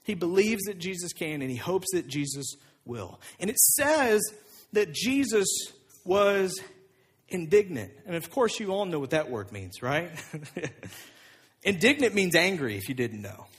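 Pastor, male, high husky voice, dynamic preaching that rises and drops. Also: measured pace. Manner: animated preaching, swinging between loud emphasis and hushed intimacy. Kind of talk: sermon.

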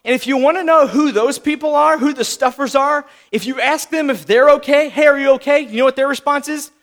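A man's voice: very high-pitched, fairly quick, a bit bright. A man preaching a sermon in a chatty, conversational way. He keeps tagging on "right?" and acts out short bits of dialogue. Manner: conversational, acts out little voices, frequent "right?".

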